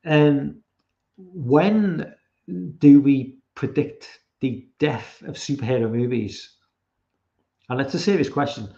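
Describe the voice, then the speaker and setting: A man's voice: mid-range voice, takes it slowly, pauses often, mellow, muffled recording. A man hosting a casual podcast stream, rambling and swearing with lots of ums and restarts. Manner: rambling, sweary, full of fillers. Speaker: podcast host. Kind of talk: casual livestream chat.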